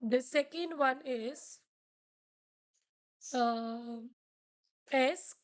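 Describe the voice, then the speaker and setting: Brief: Indian woman, French teacher, high voice, slow patient explanations. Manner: slow, explanatory, switching between English, French and Hindi. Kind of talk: classroom lesson.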